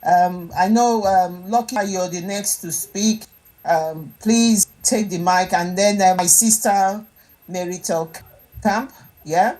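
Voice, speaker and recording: A woman's voice: mid-range voice, slow pace, a little mellow, poor audio. A woman from Nigeria moderating an online group audio chat, speaking in an emotional, pleading way. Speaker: co-host of an online audio space.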